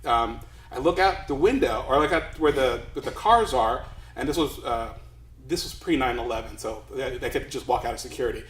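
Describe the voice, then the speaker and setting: A man's voice: medium pitch, a little fast, roomy sound, rough recording. A man from Los Angeles telling a comic story to a live crowd, chatty and self-deprecating, rambling along. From Los Angeles, USA.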